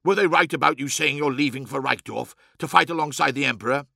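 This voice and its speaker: A man's voice: mid-range voice, quick pace, gravelly, no echo, studio quality, full character voice. A man voicing a blunt, impatient male warrior captain who snaps and pushes hard. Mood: forceful. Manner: snapping, forceful.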